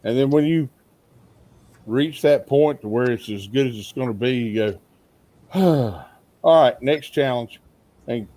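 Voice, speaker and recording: A man's voice: medium pitch, warm tone. Rambling storyteller, a man. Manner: rambling storyteller who laughs often. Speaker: co-host of a shooting livestream. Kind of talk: casual live-stream chat.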